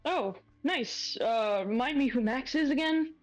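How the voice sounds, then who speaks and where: A woman voicing a relaxed, friendly man making small talk while watching TV. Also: high-pitched, measured pace.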